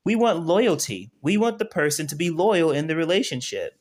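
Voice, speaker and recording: Guy streaming a how-to lesson, kinda high voice, super conversational, keeps asking if y'all see it. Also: animated, moderate pace. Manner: conversational, keeps checking in with viewers. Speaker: spiritual teacher. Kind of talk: casual live-stream tutorial.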